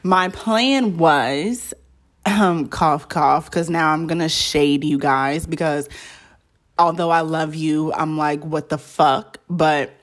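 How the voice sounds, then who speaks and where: A woman's voice: deep voice, steady tone, takes it slowly. A young woman hosting her own podcast, chatting casually and rambling with lots of fillers. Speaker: podcast host. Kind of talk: casual solo podcast chat.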